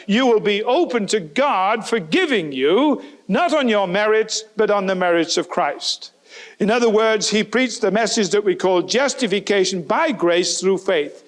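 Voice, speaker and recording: A man preaching a sermon, animated, putting rhetorical questions to the listeners and acting out the people he quotes. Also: high voice. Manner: animated, voices quoted speakers.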